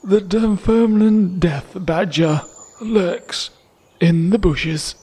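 A man putting on a solemn male nature-documentary narrator, hushed and breathy, drawing out every phrase very slowly in a high voice. A long reverb hangs behind him. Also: full character voice.

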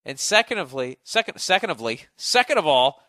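A man's voice: on the high side, big pitch swings, moderate pace, sharp tone, no room sound, clean studio sound. A man ranting profanely and rambling as he hosts a solo comedic talk show. He keeps cutting himself off and mocks others in raised voices, and his voice sounds sore. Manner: profane, rambling, self-interrupting. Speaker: podcast host.

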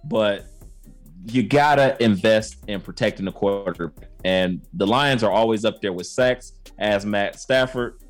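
Wry man with a lowish voice. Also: measured pace, no room sound, soft background music. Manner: wry, teasing interjections. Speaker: podcast co-host. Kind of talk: casual sports chat.

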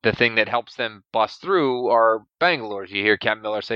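Crisp, bright-voiced man explaining gear. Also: lowish voice, normal speed, no room sound, dull audio. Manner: explanatory, gun-knowledgeable, enthusiastic. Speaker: podcast co-host. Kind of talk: casual movie discussion.

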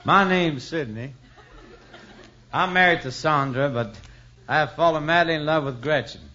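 A man playing a smooth cheating husband. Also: on the high side, moderate pace, bright, forceful tone. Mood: crooning. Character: smooth philandering husband in a soap opera. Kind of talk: 1950s radio comedy sketch. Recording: dull old radio broadcast with audience.

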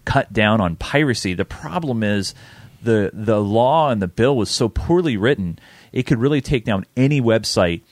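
Guy in his 30s running a geek podcast, lowish voice, dry close mic, kinda rambly. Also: expressive, normal speed, no room sound. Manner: rambling, laughs easily, repeats words. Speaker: podcast host. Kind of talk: casual chat. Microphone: close desk mic.

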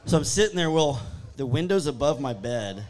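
A man with a voice on the high side tells spooky stories at normal speed as a guest in a casual chat. He animatedly acts out the quotes himself.

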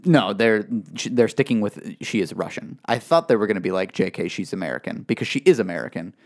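A man's voice: on the low side, very animated, brisk. A man co-hosting a casual podcast, explaining at length in a chatty way with many fillers. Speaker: podcast co-host. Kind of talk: casual wrestling chat.

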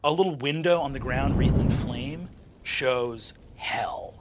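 A man narrating a tabletop game as game master, animated and excitable. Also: medium pitch, slow, very noisy.

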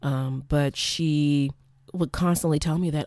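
A young woman, a former college teacher, hosting a candid storytelling monologue, profane and animated, acting out quoted exchanges. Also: low voice, unhurried, no room sound, studio quality.

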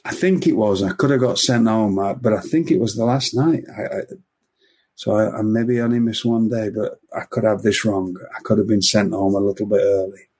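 A man's voice: on the low side, fairly even intonation, normal speed, darkish tone, slightly rough. An older man with an English accent, chatting casually and telling anecdotes, laughing at his own jokes. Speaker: podcast guest storyteller.

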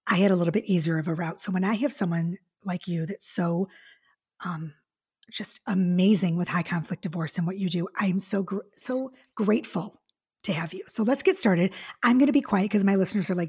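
A woman hosting a relationship podcast, effusive and chatty, talking in quick asides and gushing over her guest. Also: lowish voice, a little mellow, slightly rough. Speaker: podcast host.

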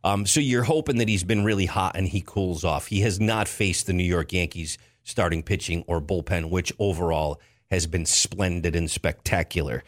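Low-voiced male sports talk host, animated and opinionated. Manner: animated, jumps in pitch, rapid asides. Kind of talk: casual sports chat.

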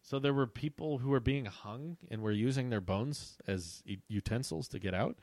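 A man's voice: medium pitch, normal speed, few pauses, darkish tone. A young man reading a story he wrote as a child and commenting on it, amused and laughing at his own writing.

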